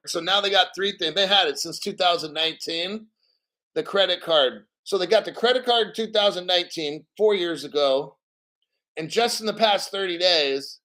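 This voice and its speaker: A man's voice: high-pitched, bright, forceful tone. A man hosting a casual livestream, reading financial news and chat comments aloud and giving blunt, profane opinions.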